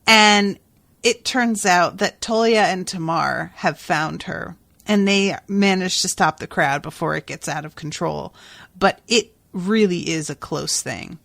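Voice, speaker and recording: A woman with a fairly low, creaky, slightly bright voice is heard in a dry recording. She hosts a casual podcast recapping books, chatting loosely with plenty of "like," "um," and hummed pauses while reading passages aloud.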